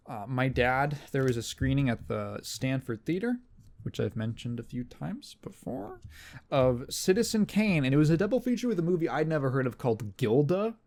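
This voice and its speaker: A man's voice: a little high, darkish tone. A young man hosting a podcast, telling rambling stories in casual chat, laughing often and mimicking people. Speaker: podcast host.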